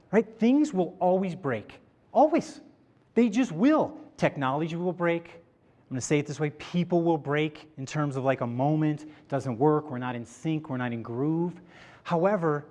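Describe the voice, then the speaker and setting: Animated male motivational speaker, lively pitch. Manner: animated and interactive, slows down to stress key points. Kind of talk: live motivational talk to an audience. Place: event room before a live audience.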